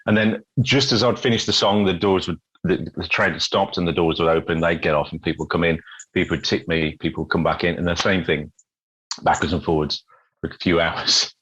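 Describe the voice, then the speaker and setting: Husky low-voiced British man telling stories. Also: a little fast, poor audio. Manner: animated storyteller, repeats words, acts out quotes. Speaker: guest busker. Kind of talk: casual storytelling interview.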